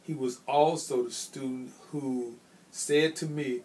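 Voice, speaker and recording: A man's voice: medium pitch, measured pace, a little mellow. A middle-aged man from Chicago, a school administrator telling stories from his career, emphatic and repeating his key phrases. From Chicago, United States. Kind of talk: recounting personal career stories. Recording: slightly distant mic with faint ambient noise.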